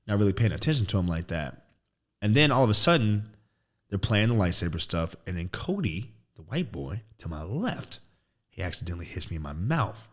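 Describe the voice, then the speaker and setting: A young actor and podcast guest telling a personal story in casual chat, slangy and profane. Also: male voice, deep voice, big pitch swings, fairly quick.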